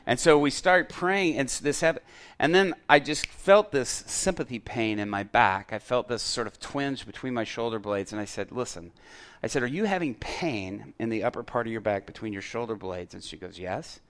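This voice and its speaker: A middle-aged male pastor telling a story in a sermon, acting out the dialogue and getting loud at the punchlines. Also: mid-range voice, animated, normal speed. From Chicago area.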